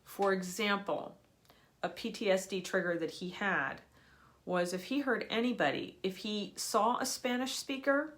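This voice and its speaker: A woman's voice: mid-range voice, measured pace, a bit bright. A woman who is an energy healer, giving a live teaching talk in an earnest, explanatory and emphatic manner. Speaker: energy healer for people and animals.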